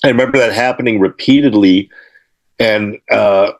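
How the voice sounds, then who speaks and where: Gently low-pitched older man telling stories. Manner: rambling, halting, with many fillers and restarts; acts out quotes and laughs while telling stories. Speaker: interview guest, guitarist and author. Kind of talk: casual interview storytelling.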